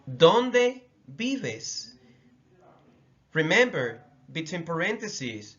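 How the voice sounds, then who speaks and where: A man with a Dominican Spanish accent teaches a language lesson, saying each phrase slowly and repeating it for the learner. His voice sits a little high and sounds bright and forceful. The recording is slightly dull and lo-fi. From Dominican Republic.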